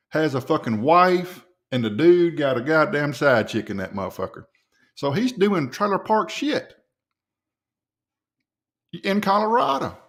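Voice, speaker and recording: A man's voice: a little high, fairly bright tone. A man reacting to a video, mocking its maker in profane, swinging commentary. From US South. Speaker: podcast reaction host.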